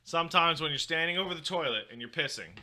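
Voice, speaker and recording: A young man and co-host, chatting casually and telling a rambling story in a deadpan way. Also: fairly high pitch, fast. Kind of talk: casual chat.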